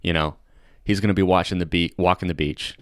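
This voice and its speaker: A young man hosting a casual comedy podcast, chatty and excitable, laughing often. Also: low-pitched, a little fast, clean tone, no echo, clean studio sound. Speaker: podcast host.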